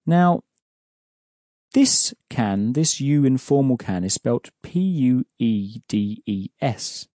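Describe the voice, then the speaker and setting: Mellow-voiced male language teacher. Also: mid-range voice, lively intonation, takes it slowly, no room sound, clean studio sound. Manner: patient, clear explaining. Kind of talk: explaining an audio course lesson.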